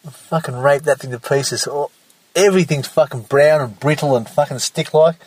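Male podcast host, crude, rambling and mocking, fairly high pitch, dry recording from a parked car. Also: normal speed, a little mellow, breathy edge, no echo. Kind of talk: casual solo podcast monologue. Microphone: self-recorded in the car.

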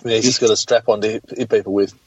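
A man's voice: on the low side, little pitch movement, very fast, slightly rough, no echo, muffled recording. A man co-hosting a podcast, reading listener letters aloud with many hesitations. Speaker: podcast co-host.

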